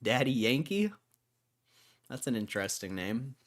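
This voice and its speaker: A man's voice: mid-range voice, very animated, a little slow. Laid-back man reading comments aloud. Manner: casual, laughs often, says bro. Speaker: livestream host.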